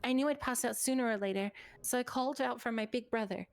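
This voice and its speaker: A woman streamer reading a horror game's narration aloud in a steady, earnest storytelling way. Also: a little high, fast.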